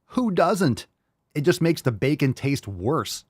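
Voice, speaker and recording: A man hosts a live podcast and rants in a blunt, profane way. His voice sits at a middling pitch. The recording is dry, with no room sound around it. He mocks his listeners' excuses by slipping into put-on voices. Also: lively intonation, a little slow, dry recording. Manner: mocking impressions of listeners. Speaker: podcast host.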